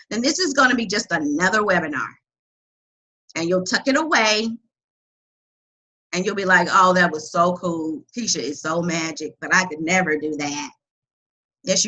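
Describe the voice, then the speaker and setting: A woman leads a live coaching webinar with loud, energetic delivery. Her voice is bright and a little husky, sitting somewhat high. She reads out her viewers' chat comments as she goes. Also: rough recording.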